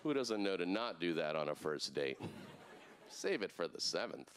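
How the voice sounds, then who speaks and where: Man with a lively, bouncing delivery. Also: deep voice, normal speed, slight background noise. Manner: deadpan, with lively put-on quoted voices. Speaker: stand-up comedian. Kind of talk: stand-up comedy set. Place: comedy club stage.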